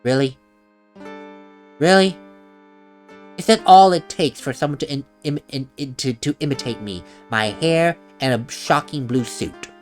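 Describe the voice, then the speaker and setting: A man's voice: mid-range voice, measured pace, long pauses, faint music behind, voice pushed down, close to an everyday voice. A man voicing a flustered, exasperated young male defense lawyer who stammers when caught off guard.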